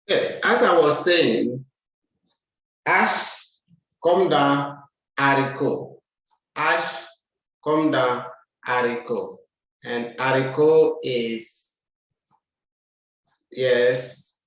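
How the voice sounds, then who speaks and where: A man leads a French lesson at a very slow, deliberate pace, saying each word again and again for learners to repeat. His voice sits in a middle register. The recording is heavily echoey, as if made in a bare, reverberant room. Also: medium pitch, a bit bright. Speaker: French teacher. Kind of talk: language lesson, drilling pronunciation.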